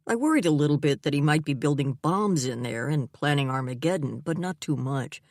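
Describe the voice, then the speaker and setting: A woman's voice: sits low, expressive, a little fast, a little mellow, dry recording, clean studio sound. Wry woman narrating a mystery. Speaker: audiobook narrator. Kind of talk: first-person mystery audiobook narration.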